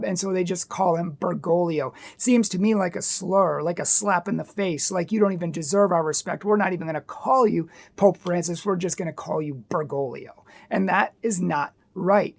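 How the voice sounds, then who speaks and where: A woman's voice: medium pitch, gravelly, a little mellow. A woman giving earnest, emphatic opinion commentary, full of rhetorical questions.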